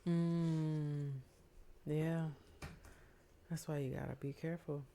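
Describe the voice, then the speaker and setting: A woman's voice: sits low, flat delivery, slow, mellow, a little hiss or hum. A woman co-hosting a podcast, teasing and playful in casual chat. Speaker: podcast co-host.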